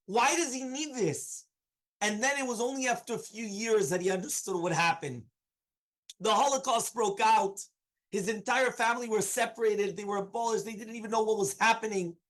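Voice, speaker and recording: A man's voice: high voice, fairly quick, a bit bright, low-quality recording. A man, a rabbi, giving a Torah lesson and telling a story in an earnest, repetitive way.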